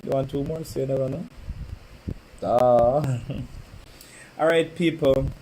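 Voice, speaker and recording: A man's voice: medium pitch, takes it slowly, warm tone, slight background noise, poor audio. Chatty man hosting a live stream. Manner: chatty, teasing, calls out to viewers by name. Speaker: livestream host. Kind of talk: casual live-stream chat. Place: home, indoors.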